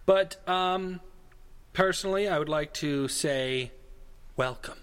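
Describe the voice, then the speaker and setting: A man's voice: on the high side, slow, fairly bright tone, smooth. A man co-hosting a casual podcast, rambling and digressive with a jokey tone. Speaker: podcast co-host. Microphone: headphones and studio mic.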